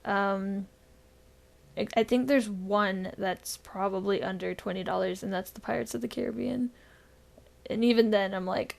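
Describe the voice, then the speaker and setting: A woman co-hosting a casual podcast chat, tired and deadpan after being sick, rambling with fillers. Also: mid-range voice, normal speed, vocal fry. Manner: rambling with frequent fillers and laughs. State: recovering from illness. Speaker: podcast co-host.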